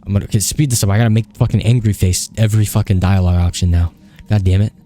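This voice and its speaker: Young man, game commentary, cursing, deep, dark tone. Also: racing. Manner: profane, excitable, talks to the game. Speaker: gaming video host. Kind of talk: casual let's-play commentary.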